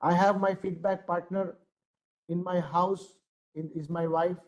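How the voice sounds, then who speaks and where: Trainer, male, middle-aged, Indian English accent; high pitch, emphatic, repeats points for effect. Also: flat delivery, unhurried, darkish tone, lo-fi sound. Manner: earnest, emphatic, repeats phrases. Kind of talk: lecture to adults.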